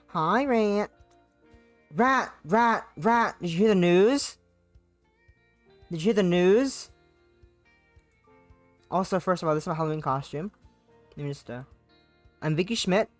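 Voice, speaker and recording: A woman's voice: lowish voice, moderate pace, pauses often, faint music behind. A young adult woman live streaming a visual novel, reading it aloud and chatting in a playful, rambling way that repeats itself and slips into sing-song bits. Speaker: game streamer.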